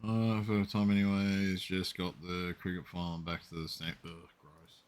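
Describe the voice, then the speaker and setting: Deep-voiced laid-back man streaming a game. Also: level tone, normal speed, clear, resonant tone. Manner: laid-back, swears freely. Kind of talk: casual chat while gaming.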